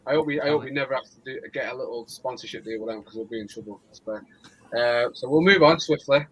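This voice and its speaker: A man with a Mancunian accent hosting a casual live show, chatty and quick to laugh, often restarting his words. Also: medium pitch, fairly bright tone, slightly rough, rough recording. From Manchester, England. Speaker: host.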